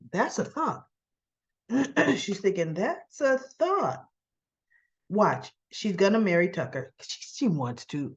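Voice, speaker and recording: Casting note: chatty woman host, casual soap recap, slightly dull lo-fi sound, throat-clearing habit. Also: fairly low pitch. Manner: chatty, clears throat often, quotes characters in small voices.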